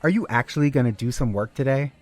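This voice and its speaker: A man's voice: mid-range voice, fast talker, darkish tone, dry recording, natural voice. A man putting on the voice of a smug male coworker, mocking and needling in a storytelling podcast.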